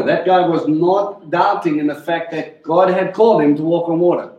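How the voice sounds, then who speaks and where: A man preaching a sermon in an animated way, swinging between loud and hushed, and speaking directly to the people in the room. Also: high voice. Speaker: teacher. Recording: echoey room.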